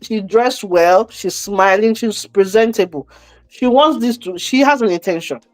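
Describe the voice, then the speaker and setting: A middle-aged woman, co-hosting a casual chat, emphatic and scolding in quick bursts. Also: medium pitch, no echo, faint music behind. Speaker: podcast co-host.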